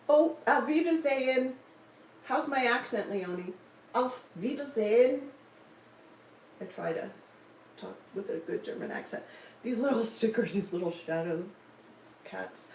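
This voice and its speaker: A woman's voice: on the low side, slight background noise. Woman in her sixties, casual live-stream chat, teasing and laughing, echoey room, a little off-mic. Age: 60s. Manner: chatty, teasing, laughs often. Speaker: cross-stitch vlogger. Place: home in Denver. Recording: roomy, slightly distant mic with faint ambience.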